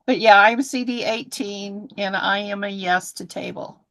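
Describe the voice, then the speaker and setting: Gravelly-voiced woman at a meeting. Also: mid-range voice, steady tone, measured pace, a bit bright. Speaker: committee member. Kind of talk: meeting discussion.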